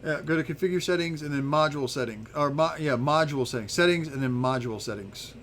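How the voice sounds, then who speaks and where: Laid-back male game master, slightly high voice, rambling narration. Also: fast, a little hiss or hum. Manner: relaxed, rambling, many fillers and restarts.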